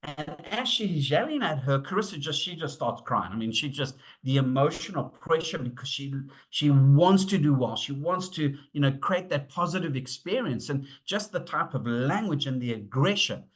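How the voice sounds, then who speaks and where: A middle-aged man presenting a webinar on safety, telling stories in an animated way, acting out the dialogue and using frequent fillers. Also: fairly high pitch, moderate pace. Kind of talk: storytelling talk.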